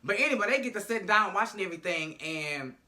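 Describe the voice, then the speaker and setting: Sassy man, casual recap vlog, profane and dramatic, somewhat high, very bright voice. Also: animated, fast talker. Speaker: show recapper.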